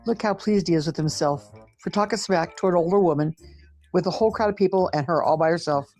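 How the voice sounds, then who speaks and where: Snarky voice-over narrator with a mellow tone. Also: mid-range voice, fast, soft background music. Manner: snarky, mocking asides. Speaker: commentary narrator of a clip. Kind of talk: scripted voice-over commentary.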